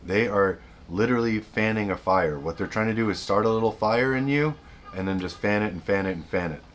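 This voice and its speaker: A man's voice: on the low side, brisk, slight background noise. A man hosting a self-help video, giving earnest unscripted advice, often repeating and restarting his sentences.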